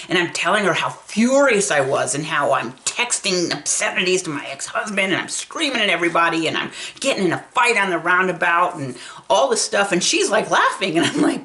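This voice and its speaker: A woman's voice: mid-range voice, very animated, normal speed, sharp tone. A woman in her sixties telling a personal story in a chatty vlog, laughing often as she talks. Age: 60s. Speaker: vlogger.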